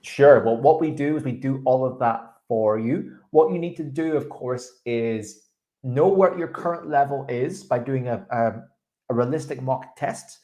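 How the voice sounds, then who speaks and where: A man's voice: medium pitch, a little slow, mellow. Male English teacher giving speaking feedback. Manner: encouraging, corrects pronunciation by modelling words. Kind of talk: feedback after a mock speaking test.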